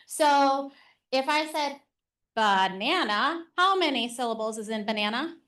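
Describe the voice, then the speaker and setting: Animated woman teacher presenting a workshop. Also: high-pitched, normal speed. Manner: animated and conversational, with frequent "um" fillers. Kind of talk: live workshop presentation to parents and educators. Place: session room with a live audience.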